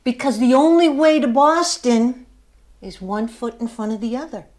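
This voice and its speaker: A woman's voice: fairly high pitch, expressive, moderate pace, a little mellow. An older woman giving a motivational speech to her class, telling a story with emphasis and laughing at herself. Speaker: student speaker.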